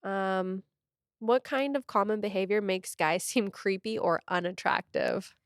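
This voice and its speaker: Woman, young adult, podcast co-host, chatty, smooth, close dry mic. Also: medium pitch, unhurried, no echo. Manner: chatty, laughs often, acts out quotes. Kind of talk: casual chat.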